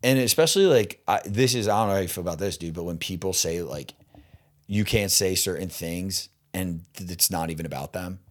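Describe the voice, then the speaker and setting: A young man chats casually on a podcast, rambling and stacking "like" and "dude" as he goes. His voice sits on the low side. He laughs easily between thoughts. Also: animated, fairly quick. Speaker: podcast guest, stand-up comedian. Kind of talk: casual chat.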